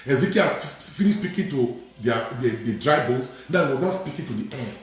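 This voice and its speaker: A man preaching a sermon as a priest, repeating phrases and building to sudden shouted emphasis. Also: medium pitch, animated, brisk. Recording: very echoey room with faint music.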